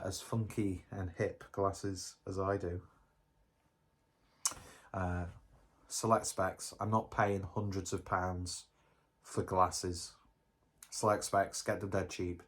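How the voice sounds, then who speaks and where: Man, deep low voice, loose rambling jokey beer-vlog delivery. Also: level tone, takes it slowly, pauses often, slightly rough. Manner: rambling, jokey, self-mocking. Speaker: beer reviewer. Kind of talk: casual review vlog.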